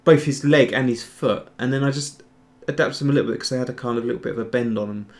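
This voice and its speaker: A man's voice: mid-range voice, fast. A man hosting a casual livestream tutorial, rambling and chatty as he answers viewer chat while he works. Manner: rambling, chatty, trails off and restarts. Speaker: host, 3D sculptor.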